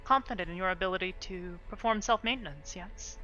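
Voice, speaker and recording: A woman's voice: on the low side, a little fast, bright, forceful tone. A woman voicing a polite, composed synthetic woman who runs a space station, in a live role-play. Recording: dull lo-fi mic, faint music.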